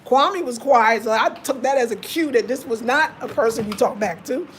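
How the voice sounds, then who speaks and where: An older woman telling a story in a casual, animated way, swearing and acting out the other people in it. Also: a little high, moderate pace, a little hiss or hum. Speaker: vlogger.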